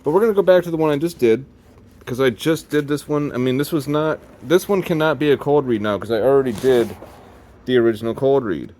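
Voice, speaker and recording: A man's voice: mid-range voice, brisk, a little mellow. A man with a Midwest American accent talking casually to his viewers, rambling from one joking aside to the next. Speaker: video host. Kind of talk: casual vlog commentary.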